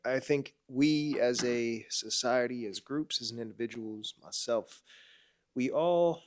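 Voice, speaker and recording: A man in his twenties, a clothing brand owner with a blocked, nasal voice, gives a casual motivational talk full of slang, and his loudness rises and falls from phrase to phrase. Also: mid-range voice. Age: 20s. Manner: slangy and emphatic, often saying bro and man. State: congested, nasal voice.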